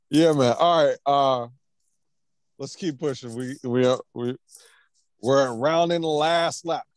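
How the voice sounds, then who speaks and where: A man's voice: medium pitch, slow pace, long pauses, no echo, studio quality. A man hosting a casual pop-culture podcast. He is laid-back, laughs often, and keeps moving the show along to the next topic. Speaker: podcast host.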